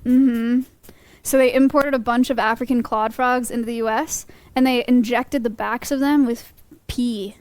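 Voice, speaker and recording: A woman's voice: on the high side, steady tone, normal speed, darkish tone, no room sound. A woman acting as an animal educator, explaining frog facts in a patient, informative way with dry humor. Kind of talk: casual explanatory chat.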